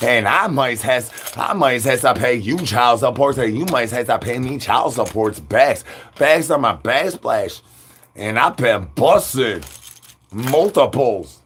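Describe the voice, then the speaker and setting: A man rambles through an absurd monologue, full of sing-song rhymes and silly made-up words. His voice sits in an ordinary middle pitch. Faint background hiss runs under the recording. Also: animated, takes it slowly, a bit bright. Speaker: livestream host.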